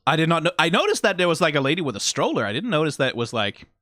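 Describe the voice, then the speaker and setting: Danish-accented streamer, rambling sweary reactor, animated delivery, dry room. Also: medium pitch, racing, no echo. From Denmark. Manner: rambling, swears often, many fillers. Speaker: video reactor. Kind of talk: casual reaction commentary.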